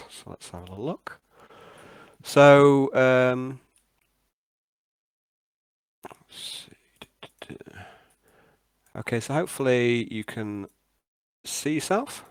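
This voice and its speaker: Hesitant game master. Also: male voice, lowish voice, vocal fry, no room sound. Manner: hesitant, many ums and restarts. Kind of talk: narrating a tabletop game.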